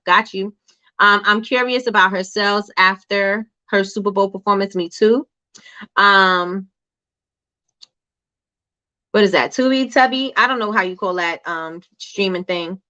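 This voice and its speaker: A woman's voice: medium pitch, sharp tone, clean tone, lo-fi sound. A woman hosting a casual livestream chat about business, talking conversationally, repeating herself and reading viewer comments aloud. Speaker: host.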